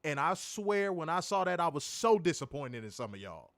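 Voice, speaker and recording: A man co-hosting a review podcast, ranting and teasing in a loud, profane, animated way. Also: a little high, moderate pace, dry recording, studio quality. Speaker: co-host of a wrestling review show. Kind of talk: casual podcast chat.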